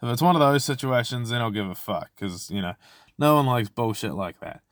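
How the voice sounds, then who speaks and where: A man's voice: medium pitch, lively intonation, fairly quick, dry recording, studio quality. A man, hosting a podcast alone and venting about work in a rambling, profane way. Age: 20s. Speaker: podcast host. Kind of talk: casual solo podcast rant.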